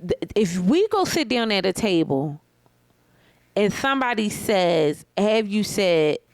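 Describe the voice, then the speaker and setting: Animated woman co-host, dry close sound. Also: medium pitch, measured pace, vocal fry, no room sound. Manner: animated, explains with examples and asides. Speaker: co-host of a reality TV review show. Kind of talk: casual chat.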